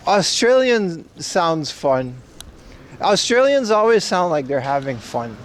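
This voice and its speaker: A man's voice: high voice, big pitch swings, slow. A man livestreaming as he walks outside, chatting and joking with his viewers. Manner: chatty, joking, talks to chat. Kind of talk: casual IRL stream chat. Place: outdoors on a street.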